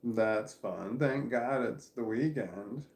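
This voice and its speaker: A man's voice: medium pitch, slow, a little mellow. A man vlogging from home, chatting candidly and wandering from thought to thought with a self-deprecating tone. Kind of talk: casual rambling monologue to camera. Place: at home in a room, with a puppy in his lap. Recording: roomy echo.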